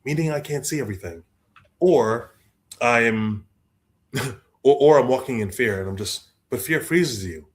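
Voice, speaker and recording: A young adult man, a guest author telling stories in a lively way, acting out the people he quotes. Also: mid-range voice, measured pace, long pauses. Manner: expressive, acts out quoted voices, repeats words. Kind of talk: animated storytelling in conversation.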